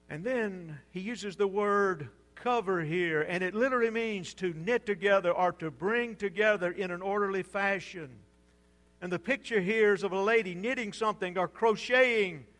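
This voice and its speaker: A man preaching a sermon as a pastor, swelling to loud emphatic runs and dropping to hushed lines. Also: high voice, measured pace, big-room sound.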